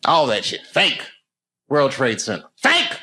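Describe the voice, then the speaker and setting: A male comedian doing a live stand-up set, swearing freely and darting into high mock voices as he riffs with the audience. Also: sing-song, moderate pace. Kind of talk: live stand-up routine with crowd work. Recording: loud audience noise behind.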